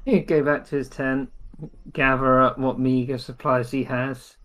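A man's voice: medium pitch, flat delivery, unhurried, fairly bright tone. A man playing a tabletop role-play game, casually describing what his character does. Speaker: player.

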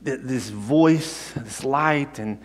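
A man's voice: mid-range voice, slow. Guy preaching in church, chatty storytelling, stumbles n restarts, big echoey hall. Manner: conversational, animated storytelling with repeated restarts. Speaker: pastor. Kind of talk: sermon. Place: church sanctuary. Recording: long hall reverb.

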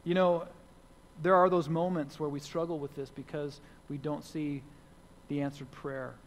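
A man's voice: fairly high pitch, flat delivery, moderate pace, slight background noise. A man preaching a sermon as pastor, earnest and repeating key phrases for emphasis. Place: church sanctuary. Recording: long hall reverb.

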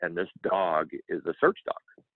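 Over a tinny, phone-like connection, a man being interviewed shares a moving personal story with earnest animation, voicing other people's words as he quotes them. He speaks unhurriedly in a low voice, and the recording is dry.

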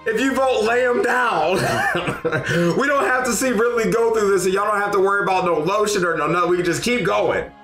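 A man streaming a game live, excitable and often shouting and laughing as he talks to his chat. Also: sits high, normal speed, reverberant. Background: faint game music.

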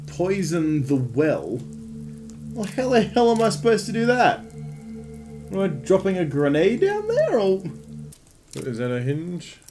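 A man's voice: sits high, big pitch swings, a little slow, pauses often, darkish tone, soft background music. A man giving jokey let's-play commentary over a game, exclaiming and making silly sound effects. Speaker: gaming video host.

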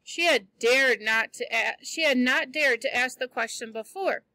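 A woman teacher reading a novel aloud to students, pausing patiently to explain words and ask questions. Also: high-pitched, bright, forceful tone, no echo, rough recording.

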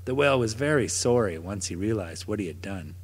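Lively, husky male storybook narrator. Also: lowish voice, a little fast. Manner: gentle, expressive storytelling. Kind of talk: children's story read aloud. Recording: long reverb.

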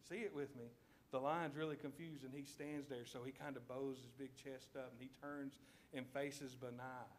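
A man preaching a sermon in a church, telling a story with lively checks of the congregation. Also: mid-range voice, moderate pace, slight background noise. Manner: animated storytelling, addresses congregation with "okay?". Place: church sanctuary.

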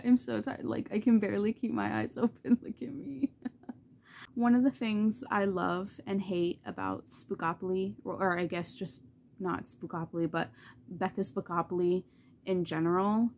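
A woman chatting casually in a reading vlog, animated and loose, swearing freely and saying "like" constantly. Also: on the low side, unhurried, creaky, slight background noise. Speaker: book vlogger.

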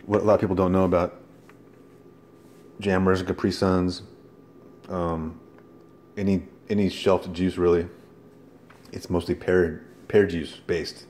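Deep-voiced man venting in a review vlog. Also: flat delivery, unhurried, pauses often, slight background noise. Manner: exasperated, prone to loud profane outbursts. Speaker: product reviewer.

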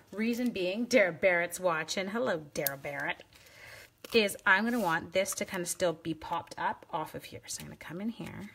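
A woman's voice: fairly low pitch, creaky, fairly bright tone, slight background noise. A woman hosting a live craft demonstration, chatting playfully with viewers and teasing herself as she works. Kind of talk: casual live craft demo.

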